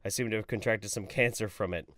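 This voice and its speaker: A man's voice: lowish voice, fairly even intonation, fast talker, fairly bright tone, no room sound. A man hosting a live stream, reading chat messages aloud in a jokey, casual way and swearing freely.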